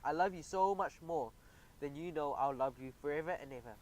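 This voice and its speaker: A man's voice: a little high, a little fast, natural voice, poor audio. A man voicing a sweet young boy mouse reciting a poem, tender and sing-song.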